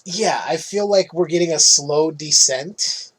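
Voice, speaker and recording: A man's voice: a little high, unhurried, rough recording. A man hosting a podcast, chatting casually through a movie recap, swearing freely and laughing often. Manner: swears freely, laughs at his own jokes. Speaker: podcast host.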